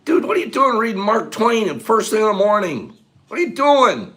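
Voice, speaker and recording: Male host, high and lively voice, rambling casual chat, chuckly and sentimental. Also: fairly quick. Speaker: host of a morning show.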